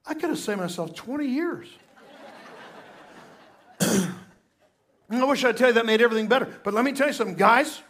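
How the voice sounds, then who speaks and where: An older male pastor delivering a sermon with a high, light voice. He tells stories and swings between hushed moments and loud, emphatic bursts. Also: lively intonation, moderate pace, pauses often.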